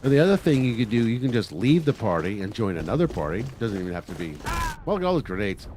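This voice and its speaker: A man's voice: lowish voice, sing-song, fast talker. A man hosting a livestream, delivering a blunt, combative political monologue with frequent profanity. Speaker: livestream host. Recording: noisy livestream audio.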